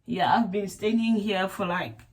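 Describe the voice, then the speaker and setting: A woman's voice: medium pitch, a little slow, a little hiss or hum. A young South African woman with a South African accent, chatting casually to camera in a rambling way, repeating words and using lots of fillers. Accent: South African English. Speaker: vlogger.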